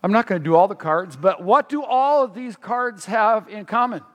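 A man's voice: high-pitched, animated, moderate pace. A middle-aged man preaching a sermon as a pastor, talking conversationally and asking the audience questions. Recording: long hall reverb.

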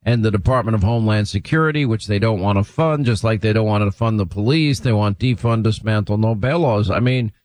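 A man hosting a radio talk show, speaking briskly and emphatically as he sets up his guest. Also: fairly low pitch, a little mellow, no room sound, poor audio. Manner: brisk, emphatic, reads quotes aloud.

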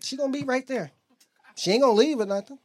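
A man's voice: very high voice, fast talker. A young man doing a profane stand-up routine, telling stories and acting out quotes. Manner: profane, storytelling, acts out quotes, audience laughs. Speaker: stand-up comedian.

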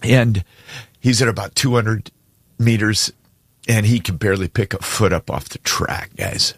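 A man's voice: low-pitched, brisk, creaky, fairly bright tone, husky, no echo. A man on a morning talk show, telling a heartfelt story in casual chat and choking up with tears as he goes. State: tearful. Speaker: radio show co-host.

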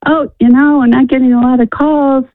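A woman from Illinois calling into a radio show, halting and repeating herself with many "you know"s. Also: sits high, fairly even intonation, no echo. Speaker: caller. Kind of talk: radio call-in conversation. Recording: phone line.

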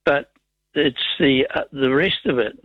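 A man's voice: medium pitch, unhurried, no echo, phone-quality sound. A man with a New Zealand accent calling into a talkback radio show, telling rambling yarns full of folksy slang. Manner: rambling storyteller, folksy slang, chuckles often. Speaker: caller. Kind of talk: casual talkback radio chat.

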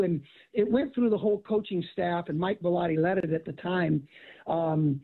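High gravelly guy, husky, sounds like a phone line, coach telling stories. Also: moderate pace. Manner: animated storyteller acting out quotes. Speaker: guest, author and former football coach. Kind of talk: casual storytelling conversation. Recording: tinny phone-like audio.

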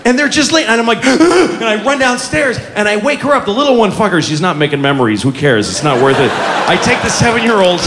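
A man performing stand-up comedy, animated and profane, breaking into quick shouts. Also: high-pitched. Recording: live club audience, noisy. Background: audience laughter.

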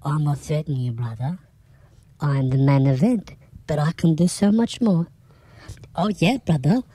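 A woman's voice: fairly low pitch, expressive, normal speed, warm tone, husky, no echo. A woman voicing a boastful male AI wrestler robot who keeps calling people brother. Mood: swaggering. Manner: calls everyone brother, swaggering growl.

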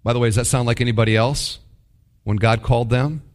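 A man preaching a sermon. He is animated and acts out the voices of the people he quotes. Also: mid-range voice, quick pace. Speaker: pastor.

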